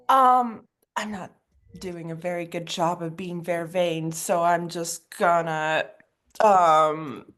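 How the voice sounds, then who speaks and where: A woman playing a tabletop role-playing game, talking casually and hesitantly, with many pauses and fillers. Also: fairly low pitch, a bit bright. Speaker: player.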